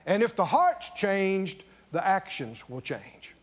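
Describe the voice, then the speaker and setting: A very high-voiced male preacher swings his pitch widely as he drives his points home with repetition and quick questions. He speaks slowly and deliberately. A long hall echo trails every line. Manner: animated, questioning the congregation, emphatic repetition. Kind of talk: sermon.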